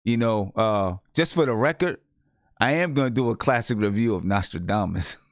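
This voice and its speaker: A laid-back man co-hosting a casual album review. His pitch moves a lot as he talks. The sound is dry and close. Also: lively intonation, moderate pace, no room sound. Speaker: podcast co-host. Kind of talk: casual chat.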